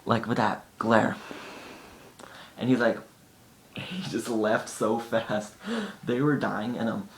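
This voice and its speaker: A man's voice: fairly even intonation, slow, pauses often. Chatty man vlogging in an echoey room. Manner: chatty, often acts out friends' lines. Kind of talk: casual storytelling to camera. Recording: echoey room with faint rumble.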